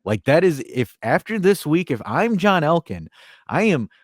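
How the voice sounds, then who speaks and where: A ranting, sarcastic man hosts a sports podcast in casual chat. His pitch swings widely as he mocks and swears. The recording sounds close and dry. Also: big pitch swings, moderate pace, no room sound. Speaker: podcast host.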